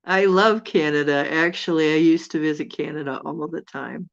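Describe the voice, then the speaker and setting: A woman's voice: low-pitched, fairly even intonation, moderate pace, vocal fry, muffled recording. A woman hosting a casual live chat with viewers, rambling and chuckling as she teases them. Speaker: host.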